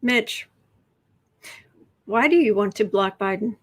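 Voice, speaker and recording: A woman's voice: mid-range voice, slow. A woman doing a casual tarot reading on a livestream, chatty and rambling, sometimes dropping into whispered asides. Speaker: tarot reader.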